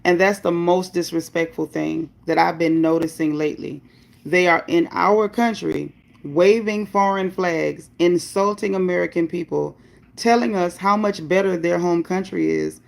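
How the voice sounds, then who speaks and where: A woman's voice: lowish voice, animated, normal speed, creaky. A woman hosting a livestream, reading viewer comments and speaking bluntly about her opinions and chat rules. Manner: greets viewers by name, upbeat bursts. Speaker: livestream host.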